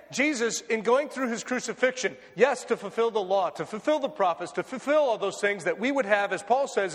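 A man's voice: high voice, a bit bright, in a large hall. An American man preaching a sermon, earnest and repeating key phrases for emphasis. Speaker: pastor.

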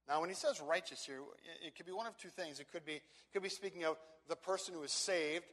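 Guy preaching, kinda high voice, leans hard on words and repeats himself, big echoey church. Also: a bit bright. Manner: emphatic, repeats words, slows down to stress phrases. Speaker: pastor. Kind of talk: expository sermon.

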